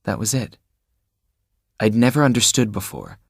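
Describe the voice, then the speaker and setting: A man narrating an audiobook in a steady, measured storytelling manner on a close mic. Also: on the low side, creaky, husky, no echo. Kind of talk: scripted narration.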